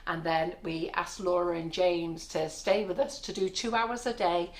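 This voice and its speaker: A woman's voice: lowish voice, steady tone, measured pace. A woman in her sixties hosting a baking live stream from a kitchen, chatting in a rambling way and often laughing. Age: 60s. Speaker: baking show host. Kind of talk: casual live-stream chat.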